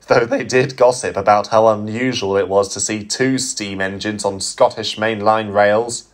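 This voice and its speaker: A man narrating a fan-made storybook tale in an expressive storytelling voice. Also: fairly low pitch, normal speed, few pauses.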